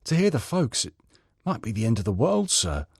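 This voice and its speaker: A man's voice: mid-range voice, huge pitch swings, normal speed, breathy edge, dry recording, heavily acted. A canny old blind beggar, hard and lonely, wheedling with a voice that rises and dips a lot, as a male narrator puts him on. The recording is dry and close.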